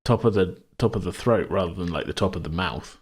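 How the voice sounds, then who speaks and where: A man hosting a tabletop podcast, chatting casually in a relaxed, rambling way and laughing often. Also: low-pitched, brisk, husky. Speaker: game master and podcast host. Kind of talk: casual chat.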